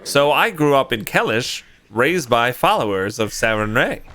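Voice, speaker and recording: A man voicing an earnest, gentle young male traveling priest while reading game dialogue aloud in a lifted, formal tone. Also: medium pitch, big pitch swings, normal speed.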